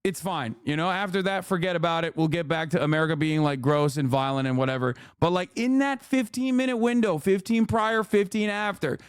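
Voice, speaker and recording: A man's voice: sits high, brisk, few pauses, smooth, no echo, studio quality. A man streaming and commenting on politics, ranting in a profane, sarcastic mock-patriotic way. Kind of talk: casual livestream reaction chat.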